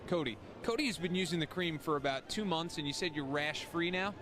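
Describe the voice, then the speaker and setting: A man's voice: on the high side, brisk, noisy background. A man working as a TV reporter on a live outdoor segment, talking in a brash, teasing way to passersby.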